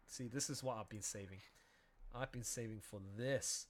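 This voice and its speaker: A man who is a comic artist, chatting casually on a stream in a chatty, animated way. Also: medium pitch, moderate pace. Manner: chatty, animated, prone to laughing and restarts. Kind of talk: casual chat.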